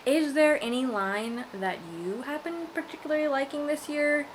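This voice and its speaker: A woman's voice: sits high, normal speed, slight background noise, poor audio. A woman vlogger speaks in a slightly raised register, loose and rambly, joking with her viewers. She sounds tired but keeps things playful as she talks at home, with faint room ambience behind her. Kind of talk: casual vlog chat.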